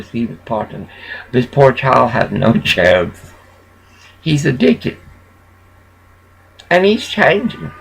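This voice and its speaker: A man's voice: medium pitch, gravelly, breathy edge, low-quality recording. A man vlogging a rambling, profane rant, scattered and broken by chuckles. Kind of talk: rambling monologue.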